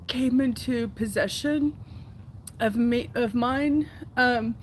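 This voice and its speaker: A woman's voice: a little high, a little hiss or hum, low-quality recording. A woman from Houston, hosting her own podcast and talking earnestly to camera in a heartfelt, rambling way. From Houston, Texas. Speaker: podcast host. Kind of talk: casual solo talk to camera.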